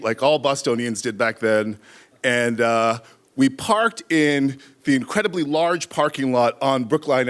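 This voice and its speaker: A middle-aged man telling a live story on stage, animated, acting out shouted quotes. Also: medium pitch.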